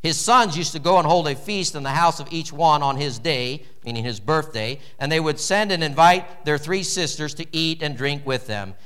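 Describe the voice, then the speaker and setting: A man preaching a sermon in a church. His voice sits fairly high for a man. It swings from loud, animated peaks down to quiet, low asides. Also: normal speed, few pauses, clean tone. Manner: animated preaching with wide swings in pitch and volume. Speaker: pastor.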